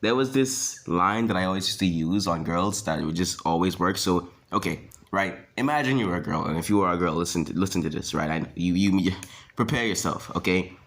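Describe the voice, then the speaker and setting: A man's voice: deep voice, a little fast, fairly bright tone. A young man in his late teens telling a jokey storytime, laughing his way through it. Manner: laughs through his lines, loose and self-mocking. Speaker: vlogger.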